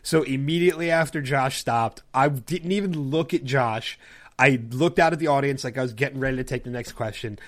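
A man chatting casually on his podcast, spinning a long anecdote. He slips into other people's voices as he goes, and his pitch sits in the middle. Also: brisk. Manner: animated anecdote-telling, acting out others' lines. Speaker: podcast host. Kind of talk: casual storytelling chat.

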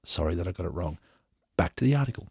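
A man's voice: low-pitched, animated, quick pace, gravelly, husky, no room sound, clean studio sound. An English man hosting a podcast, reading a news story aloud with chatty, joking asides. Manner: chatty, playful, jokey. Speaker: podcast host.

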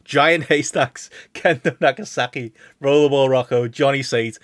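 A man hosting a casual podcast chat, animated and mocking, often laughing and swearing. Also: mid-range voice, normal speed, dry recording, studio quality. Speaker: podcast host.

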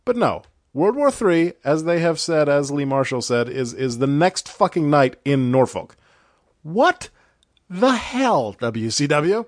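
Dude doing a podcast recap, kinda high voice, snarky and exasperated, cusses a lot, dry close sound. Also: male voice, animated, moderate pace, few pauses, no echo. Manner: sarcastic, exasperated, swears freely. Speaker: podcast host. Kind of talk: recapping a wrestling broadcast.

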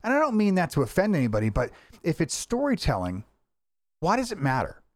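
A man's voice: a little high, wildly swooping pitch, brisk, no room sound. A man hosting a casual podcast chat, talking in a rambling way with lots of restarts and fillers. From United States. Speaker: podcast host.

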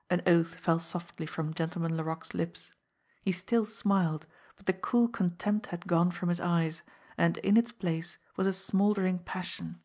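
A woman narrating an audiobook in a steady, measured way. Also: on the low side.

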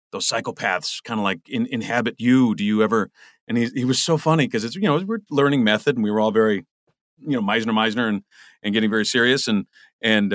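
A man's voice: lowish voice, fairly bright tone, no room sound, studio quality. A middle-aged man, a voice actor being interviewed, talking casually and rambling with lots of restarts. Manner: rambling, many restarts and repeated words. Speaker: voice actor guest.

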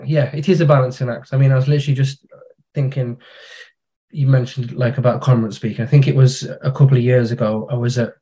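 A man's voice: medium pitch, steady tone, fast talker, dark tone. A man, a podcast guest who tells stories about his working life in a frank, chatty way. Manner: anecdotal storytelling, frank, British slang. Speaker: podcast guest, digital marketer. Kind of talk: casual conversation.

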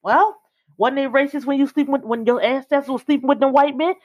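A woman's voice: high-pitched, quick pace. A woman co-hosting a casual talk show, opinionated and blunt, who hammers her points with repetition.

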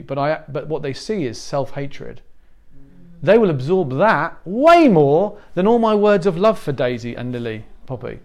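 Animated English man preaching, gravelly voice. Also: a little high, normal speed. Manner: animated storytelling with self-deprecating humor. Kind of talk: conversational sermon.

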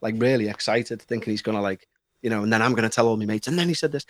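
A man with a Liverpool accent, a podcast guest telling a story in an animated, excitable way and mimicking the people in it. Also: on the low side, rapid-fire, no echo, clean studio sound. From Liverpool, England. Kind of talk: casual storytelling.

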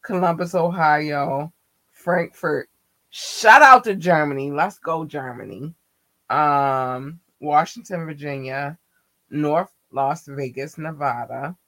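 A young man from Baltimore with a Baltimore accent, chatting casually on a stream, reading out viewers' cities with animated shout-outs. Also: on the high side, takes it slowly, no echo. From Baltimore, Maryland. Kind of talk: casual livestream chat.

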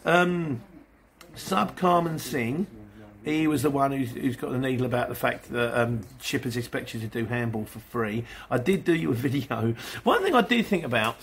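A man's voice: medium pitch, animated, moderate pace. A man, a van delivery driver, chatting casually to viewers in a rambling way and acting out exchanges with customers. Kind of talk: casual vlog answering viewers.

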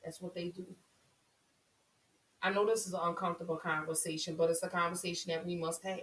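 A woman's voice: fairly low pitch, fairly even intonation, fairly quick, fairly bright tone, recorded from a distance. Impassioned woman vlogging in a roomy echo. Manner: impassioned, repetitive, voice rising with emotion. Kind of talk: emotional monologue to camera.

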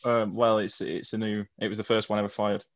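A man's voice: on the low side, level tone, a little fast. A man on a quiz podcast, answering hesitantly with ums and restarts as he makes up a story. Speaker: quiz contestant. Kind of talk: casual podcast banter.

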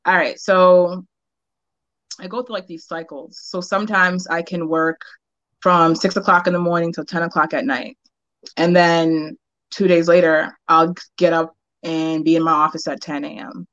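A woman in her thirties from Boston, chatting as an interview guest. She tells her story candidly and laughs easily, in a somewhat low voice. The sound is dry and a little dull. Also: level tone, measured pace, a bit bright, dry recording. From Boston, United States. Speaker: real estate agent, guest. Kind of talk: casual interview chat.

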